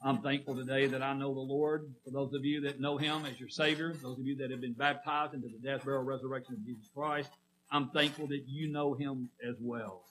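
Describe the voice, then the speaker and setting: A man's voice: medium pitch, fairly even intonation, brisk, fairly bright tone, rough recording. A middle-aged man preaching a sermon in a folksy way, often putting questions to the congregation.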